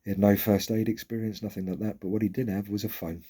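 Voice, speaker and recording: A man's voice: fairly low pitch, level tone, fast, dark tone, breathy edge. A middle-aged man tells a personal story in a frank, candid way and swears casually.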